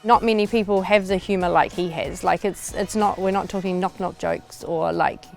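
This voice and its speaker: A woman's voice: lowish voice, fairly even intonation, moderate pace, vocal fry, soft background music. A woman speaking in an interview, matter-of-fact and fond of her husband. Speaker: interviewee, wife.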